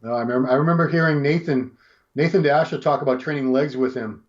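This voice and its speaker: An American man co-hosting a podcast in easygoing casual chat, agreeing with quick yeahs and laughing along. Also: mid-range voice, dull audio.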